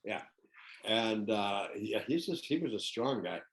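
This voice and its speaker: An older man, a guest actor, telling lively anecdotes in a casual interview and laughing often. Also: lowish voice, a little slow, slight background noise, low-quality recording.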